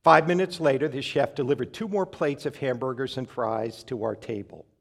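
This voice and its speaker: A man's voice: medium pitch, moderate pace, vocal fry. A man preaching a sermon, telling a funny travel story with wry, conversational asides. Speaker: pastor.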